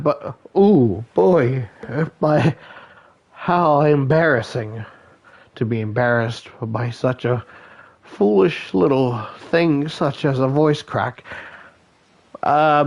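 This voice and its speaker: A young man chatting casually late at night, tired and loopy, rambling and self-mocking, filling his talk with "like" and "right?". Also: medium pitch. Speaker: gaming video creator.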